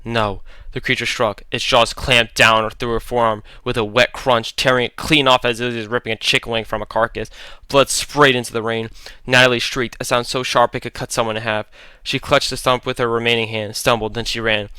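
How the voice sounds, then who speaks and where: A man narrating a horror story in a dramatic, deliberate way. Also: mid-range voice, level tone, bright, forceful tone, smooth, dry recording.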